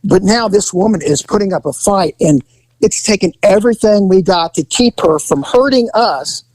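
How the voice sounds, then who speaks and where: A middle-aged man telling a story in casual chat, acting out voices with big jumps in pitch. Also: animated, moderate pace, a little mellow, no room sound, low-quality recording.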